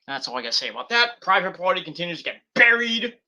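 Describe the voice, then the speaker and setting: A man's voice: high voice, sing-song, quick pace, bright, forceful tone. A man giving a rambling, profane and exasperated review of a wrestling show. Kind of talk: casual rant review.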